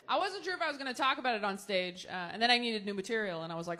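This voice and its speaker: With a mid-range, expressive voice and rapid-fire delivery with hardly any pauses, a young Los Angeles, United States comedian does stand-up on a club stage before a live audience. She mocks herself in punchlines and stretches out quoted lines, while audience noise and laughter rise behind her.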